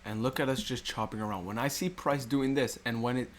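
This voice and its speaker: Male educator, mid-pitched, steady and repetitive, slight background noise. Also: a little fast. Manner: rhetorical questions, repetitive explaining. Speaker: trading educator. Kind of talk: screen-recorded chart walkthrough.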